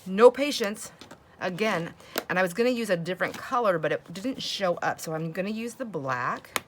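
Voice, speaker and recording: A woman's voice: fairly low pitch, expressive, moderate pace, noisy background. A woman hosting a crafting video, chatting casually and laughing often as she works. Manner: chatty, laughs often, talks to herself while working. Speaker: crafting channel host.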